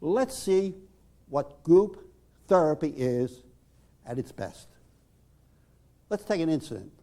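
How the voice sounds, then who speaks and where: A male psychotherapist lecturing on group therapy in a measured, emphatic way with dramatic pauses. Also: fairly high pitch, sing-song, mellow.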